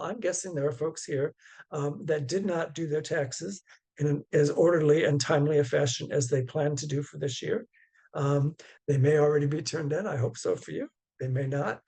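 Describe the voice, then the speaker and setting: A man, a Zen teacher, giving a dharma talk over a video call in a gentle, unhurried way, halting often with fillers. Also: fairly high pitch, creaky, breathy edge.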